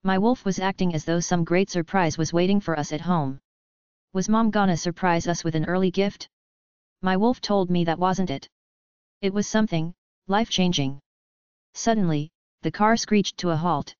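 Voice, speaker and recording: A woman's voice: lowish voice, normal speed, a little mellow, clear, resonant tone, dry recording. A woman narrating a novel in the first person, reading expressively, in a dull, dry recording. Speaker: audiobook narrator.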